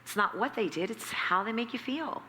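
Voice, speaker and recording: Woman, nonprofit head, interview storytelling, acts out quotes, bright and firm tone, faint background hiss. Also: on the high side, moderate pace. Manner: animated, acts out quoted dialogue, emphatic repetition. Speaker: nonprofit CEO, interview guest. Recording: echoey hall with faint background noise.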